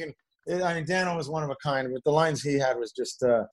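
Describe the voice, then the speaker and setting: A man's voice: a little high, fast talker, poor audio. A middle-aged man, a former hockey player, telling locker-room stories in a casual, rambling way, livening up when he quotes teammates. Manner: rambling, animated when quoting others. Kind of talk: casual storytelling.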